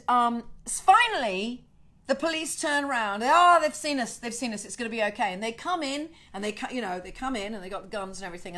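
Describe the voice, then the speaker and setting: A middle-aged woman hosting a casual home livestream, telling a story in an indignant, sweary, animated way. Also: fairly high pitch. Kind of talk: casual chat to viewers.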